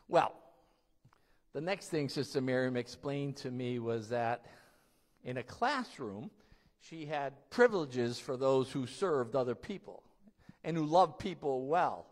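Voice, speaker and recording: A man's voice: medium pitch, expressive, takes it slowly, long pauses, in a large hall. A male pastor preaching a sermon in a church, telling stories emphatically and laughing now and then.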